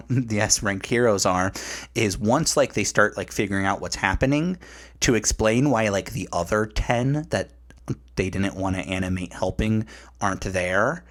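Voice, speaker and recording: A man with a slightly low voice chatting casually as a podcast co-host. He sounds animated, laughs often and leans on "like" as a filler. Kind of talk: casual chat.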